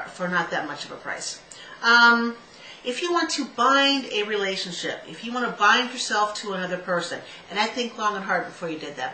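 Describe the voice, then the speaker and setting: Her voice is mid-range with a bright, forceful tone. This middle-aged host gives love advice in a chatty solo video, tripping over the names of stones, spelling them out, and laughing at herself, with the echoey room adding a faint hiss.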